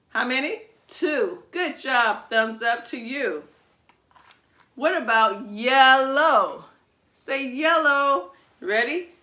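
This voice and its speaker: A woman teaching preschool children over video, coaxing them to repeat words and praising them in an animated, drawn-out sing-song way. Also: mid-range voice.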